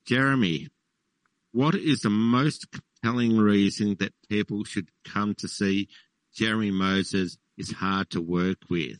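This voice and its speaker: A man's voice: lowish voice, steady tone, measured pace, no room sound, low-quality recording. A man interviewing a guest on radio, asking questions in a dry, jokey way. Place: radio studio.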